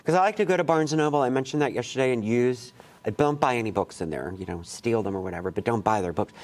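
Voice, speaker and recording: A fast-talking man with a mid-range voice leads a college poetry workshop in a classroom. He speaks to students casually and candidly, drifting into rambling asides and swearing offhandedly.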